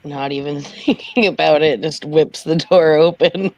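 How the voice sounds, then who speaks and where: A player in a tabletop role-play game, narrating their character slowly with frequent laughs and fillers. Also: mid-range voice, steady tone, darkish tone, no room sound, lo-fi sound. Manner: giggly, slow with fillers.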